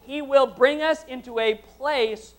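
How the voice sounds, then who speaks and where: A man's voice: very high voice, unhurried. Man preaching and reading scripture aloud. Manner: reads scripture in King James style, then preaches with rising intensity. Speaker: pastor. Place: church service before a congregation.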